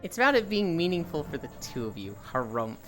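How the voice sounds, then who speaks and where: A live streamer walking on a treadmill while chatting casually with viewers, telling animated stories and swearing freely. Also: medium pitch, fast, faint music behind.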